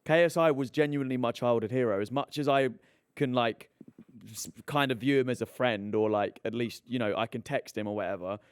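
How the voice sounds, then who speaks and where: A man's voice: mid-range voice, a little fast, smooth, no room sound. A man in his twenties hosting a podcast, chatting bluntly and earnestly, close to a studio mic. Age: 20s. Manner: earnest, blunt, swears casually. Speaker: podcast host. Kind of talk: casual chat.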